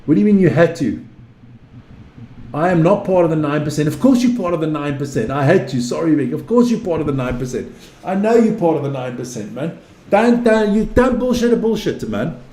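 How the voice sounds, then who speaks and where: Man, casual rambling stream chat, slightly high voice, roomy echo. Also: lively intonation, brisk, warm tone. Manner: rambling, repeats himself, swears freely. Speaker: live-stream rugby commentator. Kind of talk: casual live-stream chat reading viewer comments. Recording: echoey room with faint ambient noise.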